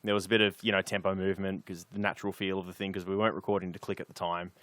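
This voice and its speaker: A man's voice: low voice, level tone, rapid-fire, fairly bright tone, no room sound. A young man with an Australian accent, a musician guest chatting casually in a rambling, sweary, opinionated way. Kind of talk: casual chat.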